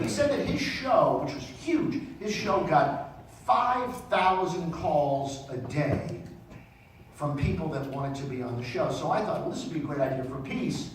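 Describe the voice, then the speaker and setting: A middle-aged male comedian tells his stories in an animated way and acts out the people in them. His voice sits high and swings a lot. He is picked up from off-mic in a very echoey room. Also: distant mic, background noise. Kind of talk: stand-up storytelling.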